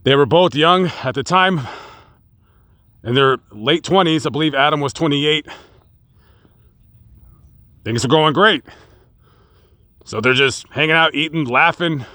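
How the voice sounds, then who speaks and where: A man recounts a true crime case in a casual vlog style, outdoors on location. His delivery is dramatic and builds excitement as he acts out the quotes. His voice is bright and forceful, and sits slightly high. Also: a little slow, pauses often, no echo.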